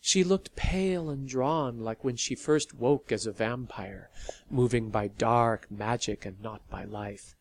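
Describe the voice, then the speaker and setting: The narrator of a serialized audio story, reading in a steady, measured way. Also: medium pitch, slight background noise. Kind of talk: scripted narration.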